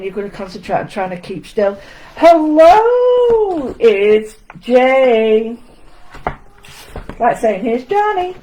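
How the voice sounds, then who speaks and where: A woman's voice: mid-range voice, a little mellow, rough recording. A woman hosting a casual live-stream art lesson, chatting, greeting viewers by name and making self-deprecating asides. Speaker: art session host. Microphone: home setup with camera.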